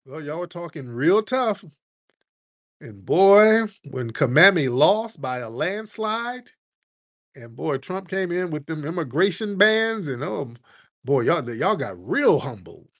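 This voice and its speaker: A man from the United States hosting a comedic rant, with profane, animated, mocking storytelling. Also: fairly high pitch, slow pace. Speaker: host.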